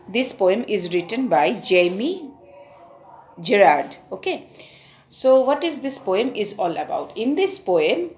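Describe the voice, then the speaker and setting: A woman's voice: medium pitch, darkish tone. A woman teacher, patiently explaining a poem to young pupils and often checking in with them. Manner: patient, repeats and checks with "okay?" and "isn't it?".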